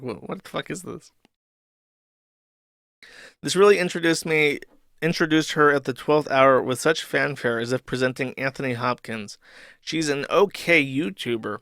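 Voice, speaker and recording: A man's voice: medium pitch, a bit bright, no echo, studio quality. A man hosting a livestream, reading chat and forum comments aloud and reacting in a crude, mocking way.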